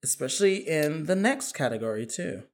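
A man's voice: a little high, fairly quick. Chatty male co-host. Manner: animated, hedging with frequent restarts. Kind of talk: casual film award chat.

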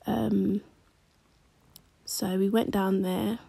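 A woman telling a personal story in a chatty, slangy vlog, often dropping into hushed asides. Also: mid-range voice, level tone, drawn-out words, creaky, husky, dry recording. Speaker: vlogger.

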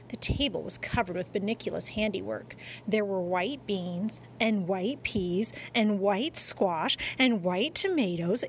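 A woman narrating a children's storybook aloud in an expressive reading with dramatic pauses. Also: mid-range voice, slight background noise. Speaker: audiobook reader.

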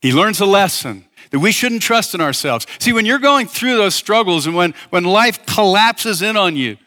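A male pastor delivering a sermon at a church service, his voice bright and a bit higher than most men's. He preaches emphatically, tosses questions out to the congregation for them to answer, and often stumbles and restarts his phrases. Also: animated, normal speed. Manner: emphatic, with call-and-response and many restarts.

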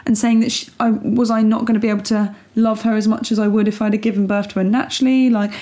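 Young British woman, podcast co-host, lively storytelling. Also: medium pitch, fast. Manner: animated storytelling, laughs often. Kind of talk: casual chat.

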